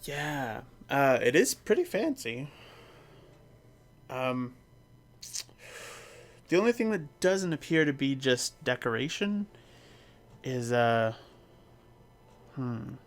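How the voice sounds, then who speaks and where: A man acting as game master, describing an online tabletop game scene haltingly, with many fillers. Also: medium pitch, big pitch swings. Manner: hesitant, filler-heavy description.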